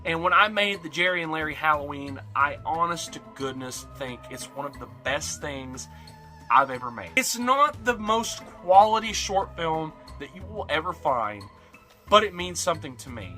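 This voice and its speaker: A young man narrating a look back at his own videos as a YouTuber, with animated, jumpy emphasis. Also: a little high. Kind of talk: retrospective narration. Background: faint music.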